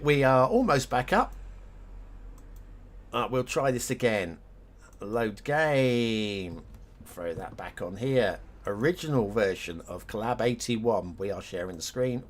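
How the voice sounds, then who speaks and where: A middle-aged man chatting casually on a live stream, rambling and self-mocking as he laughs at his own jokes. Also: mid-range voice.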